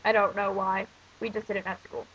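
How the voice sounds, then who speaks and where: Stuffy-nosed and coughing, an American teen girl who is an exchange student rambles and rants through a casual vlog with many fillers. She sounds husky and a bit bright, with medium pitch, a level tone and a moderate pace, on a dull lo-fi recording.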